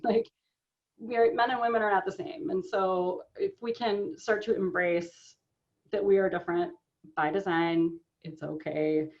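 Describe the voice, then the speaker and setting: A woman's voice: mid-range voice, highs cut off. A middle-aged woman speaking as an interview guest, earnest and conversational, often checking in with "right?" and filler ums. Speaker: guest, author and business owner.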